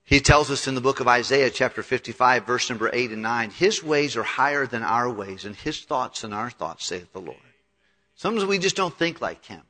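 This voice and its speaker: Male pastor preaching, bright clear voice, acts out the dialogue, long reverb in a church. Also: medium pitch, expressive, moderate pace. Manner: retells scripture with conversational acted dialogue. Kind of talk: sermon.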